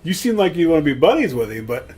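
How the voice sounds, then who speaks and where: A man co-hosting a podcast, chatting casually about horror movies with easy laughs and lively banter. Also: on the high side, quick pace, over music. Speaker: podcast co-host.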